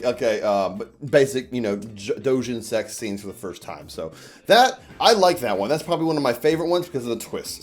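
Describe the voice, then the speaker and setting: Lively, crude-joking male reviewer. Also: mid-range voice. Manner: animated, crude, jokey, acts out quoted lines. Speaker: YouTuber reviewing manga. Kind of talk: casual review monologue.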